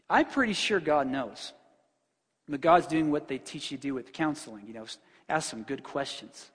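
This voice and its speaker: Male pastor, high husky voice, plainspoken emphatic sermon, long hall reverb. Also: expressive, moderate pace, a bit bright. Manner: emphatic, conversational preaching with restarts.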